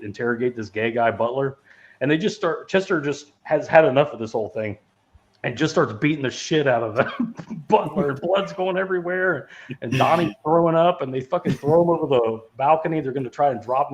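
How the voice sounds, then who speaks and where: A man hosting a podcast, chatting casually about movies, rambling and laughing as he swears freely. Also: medium pitch. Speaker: podcast host. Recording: dull lo-fi sound.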